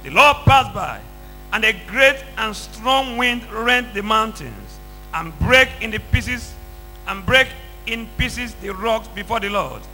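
A man reading scripture aloud line by line in a measured way during a sermon. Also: sits high, expressive, pushed and bright, faint music behind, poor audio. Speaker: scripture reader.

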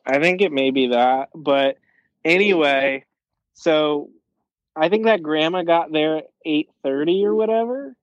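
A man's voice: fairly high pitch, unhurried, no room sound, dull audio. A young man telling a long, rambling story in casual chat, swearing and using lots of fillers.

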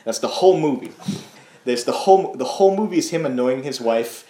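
A young man co-hosting a casual podcast, excitable and laughing often, stumbling over his words. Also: medium pitch, brisk. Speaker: podcast co-host. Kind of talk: casual chat. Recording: roomy echo.

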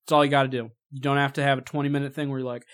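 A man in casual chat reviewing a movie, mocking and animated, swearing freely. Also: mid-range voice, very fast.

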